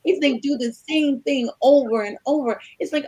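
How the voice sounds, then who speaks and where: A woman in her sixties, a married panelist, telling a story with animated back-and-forth dialogue and calling her listeners y'all. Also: high voice, normal speed, rough recording. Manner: animated, acts out both sides of conversations, addresses listeners as y'all. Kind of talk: storytelling chat.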